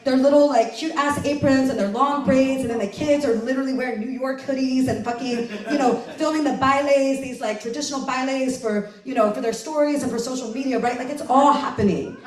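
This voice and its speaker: Chatty woman telling a story live. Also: sits high. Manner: chatty, animated, full of "like" and "right?", laughing often. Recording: roomy live recording from a distance.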